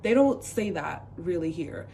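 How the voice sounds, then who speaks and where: A young woman from the United States talking casually to camera, chatty and expressive with sassy asides and lots of fillers. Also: on the low side, unhurried, a little hiss or hum. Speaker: vlogger.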